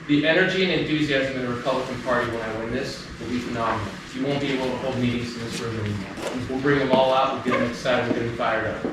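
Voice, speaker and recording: A man candidate giving an upbeat, enthusiastic campaign pitch at a meeting. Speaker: political candidate. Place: meeting room. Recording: echoey room, distant mic, loud noise.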